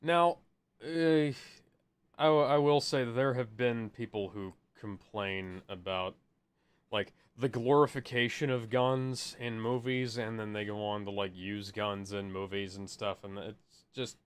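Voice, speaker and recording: A man co-hosting a casual movie chat, with dry, deadpan sarcasm. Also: lowish voice, measured pace, clear, resonant tone. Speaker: podcast co-host.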